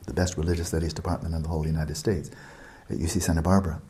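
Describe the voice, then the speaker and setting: A man's voice: extremely low pitch, flat delivery, very fast, mellow. A man giving a retreat dharma talk as a meditation teacher, explaining at length, repeating words for emphasis and turning to the listeners with asides.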